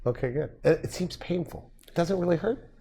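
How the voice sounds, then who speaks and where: A man hosting a health talk show, asking short questions and briskly keeping the guest on time. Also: on the high side, expressive, gravelly, mellow, husky. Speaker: show host. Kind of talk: casual interview talk.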